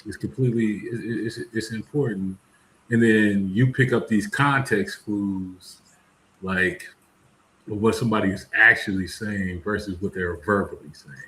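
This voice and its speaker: Low-voiced man in echoey room. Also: steady tone, normal speed, sharp tone. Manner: thoughtful, reflective, casual swearing. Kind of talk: casual group conversation. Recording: echoey room, faint noise.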